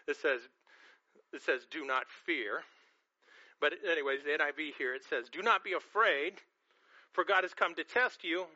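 A man's voice: on the high side, pushed and bright, dry recording, lo-fi sound. A man preaching a sermon in a conversational way, often repeating and restarting words, sometimes acting out quoted reactions. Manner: acts out quoted reactions in a changed voice.

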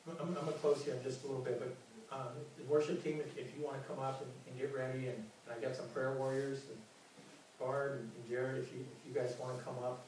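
A man's voice: medium pitch, little pitch movement, quick pace, a little mellow, slight background noise. A man preaching a sermon as pastor, earnest and often repeating his words. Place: large church hall. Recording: very echoey hall, mic from far.

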